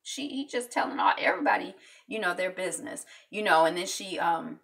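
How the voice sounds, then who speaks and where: A woman's voice: lowish voice, animated, brisk, fairly bright tone, recorded from a distance. A woman chatting casually as she recaps a reality show episode for her channel, full of fillers and acted-out quotes.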